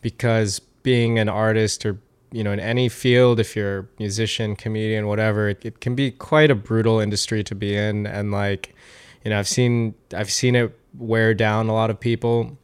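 A man's voice: on the low side, steady tone, normal speed, smooth. A man as a podcast guest, chatting casually and thoughtfully, with many restarts and fillers.

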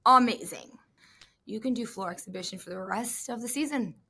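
A woman co-hosting a podcast, chatting casually in an animated, gushing, jokey way. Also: medium pitch, fairly quick, a little hiss or hum. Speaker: podcast co-host. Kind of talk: casual chat about gymnastics.

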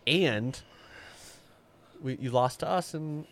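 A man's voice: medium pitch, takes it slowly, slight background noise. A man co-hosting a podcast, bantering casually with profane, explosive outbursts. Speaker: podcast co-host.

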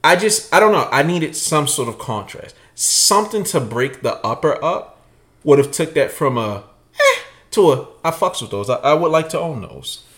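A man's voice: fairly high pitch, moderate pace. A young man co-hosting a casual sneaker podcast, telling stories with lots of slang and swearing and acting out the voices. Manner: animated storyteller, acts out voices; profane, slangy. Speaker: podcast co-host. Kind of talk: casual chat.

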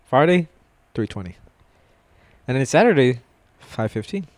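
A man's voice: mid-range voice, very animated, a little slow, dry recording. Laughing, rambling man telling stories. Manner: rambling storyteller, swears a lot, laughs often. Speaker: warehouse worker telling stories. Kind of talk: casual chat.

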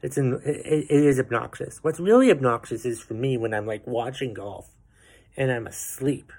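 Ranting about daily irritations on his podcast, a man talks at normal speed in a medium, slightly mellow voice. He swears freely and throws in sarcastic side remarks.

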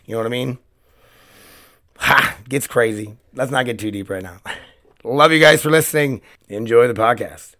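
A man hosting his own solo podcast, his voice hoarse and cracking, rambling in a loose, chatty way with plenty of swearing. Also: mid-range voice, normal speed, long pauses, pushed and bright. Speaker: podcast host. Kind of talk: casual solo podcast monologue.

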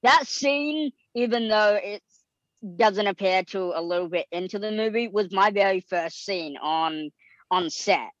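A man's voice: high-pitched, a little slow, dry recording, lo-fi sound. A man telling stories as a guest in a casual interview. He is chatty and fills his talk with "like" and "um". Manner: chatty, frequent "like" and "um" fillers, lively retelling. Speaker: guest actor.

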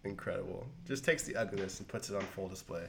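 A man co-hosting a casual podcast, excitedly retelling a comic plot in a rambling, profane way full of "like". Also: low voice, fast talker, vocal fry. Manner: rambling, profane, heavy use of "like". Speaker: podcast co-host.

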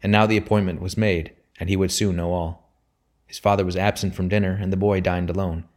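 A man reading a novel aloud as audiobook narration, in a measured storytelling manner. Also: low voice, little pitch movement. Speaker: audiobook reader.

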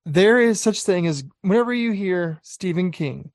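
A co-host of a casual film-review chat, retelling movie scenes with animated quotes and sound effects. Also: mid-range voice, normal speed, no room sound, clean studio sound. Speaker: podcast co-host.

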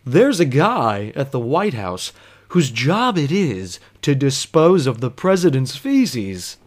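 A man voicing a sleepy, evasive male bar regular in his thirties who states made-up facts in a slow, drowsy drawl with total confidence. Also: mid-range voice. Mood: smug. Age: 30s. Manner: flatly confident, unbothered when caught.

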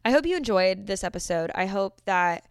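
Chatty young woman with a gravelly edge. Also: mid-range voice, animated, moderate pace, dry recording, clean studio sound. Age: 20s. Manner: rambling, self-correcting, chatty. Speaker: podcast host. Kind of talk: casual solo podcast talk.

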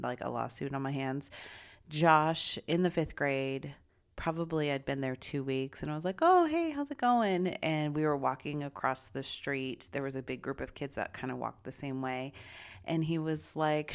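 A vlogger, a middle-aged woman with a strikingly low voice, tells a personal story. She's candid and bubbly, confiding in her listeners.

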